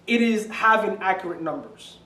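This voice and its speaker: A man's voice: high voice, animated, moderate pace, sharp tone, reverberant, rough recording. A man co-hosting a casual real estate video, talking energetically and calling the viewers guys. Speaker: real estate investor and channel co-host. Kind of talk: casual co-hosted video talk.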